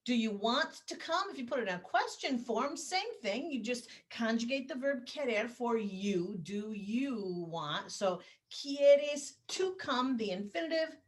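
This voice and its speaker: A woman teaching a grammar lesson, explaining patiently and saying example phrases slowly for students to repeat. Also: fairly high pitch, lively intonation. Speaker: Spanish teacher.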